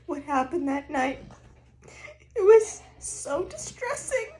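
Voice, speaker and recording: A woman playing a distraught pet owner wails and sobs melodramatically. She talks slowly in a high voice. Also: very animated, warm tone, a little hiss or hum, exaggerated voice. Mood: melodramatic. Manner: sobbing, tearful and melodramatic. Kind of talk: amateur comedy sketch acting.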